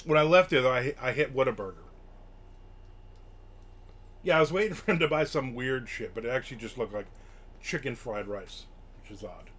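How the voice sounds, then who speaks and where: A man's voice: mid-range voice, lively intonation, a little fast, pauses often, fairly bright tone. An older man streaming from home, casually chatting and grumbling through a story while acting out the quotes. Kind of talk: casual chat. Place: home room.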